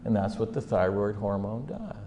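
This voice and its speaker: A man giving an animated sermon, retelling Bible stories and swinging from quiet asides to loud, emphatic peaks. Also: lowish voice, moderate pace, slight background noise. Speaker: speaker teaching on faith and mental health.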